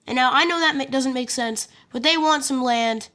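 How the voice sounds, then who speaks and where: A woman's voice: sits high, normal speed, pushed and bright. A woman narrating an alternate-history map story in a casual, chatty way, with fillers and jokey asides.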